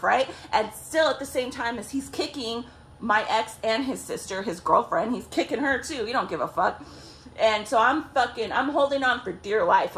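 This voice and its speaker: A woman vlogger tells a story in loose, profane chat, her voice sitting a little high. She laughs often and keeps checking in with "okay?" and "like". A faint hiss runs under her. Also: fairly bright tone. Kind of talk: casual storytelling.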